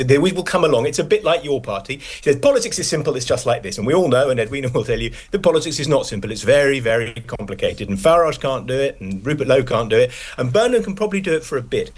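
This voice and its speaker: A man's voice: mid-range voice, slightly rough. A man talking as a guest commentator on a radio show, opinionated and rambling with frequent restarts. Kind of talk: casual political chat.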